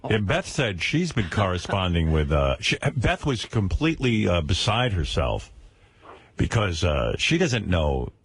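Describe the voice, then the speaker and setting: A male radio host with a husky, lively voice that swings up and down as he teases a caller. His sound is dry and close to a studio microphone, and he talks with brash, quick jokes. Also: deep voice, dry recording.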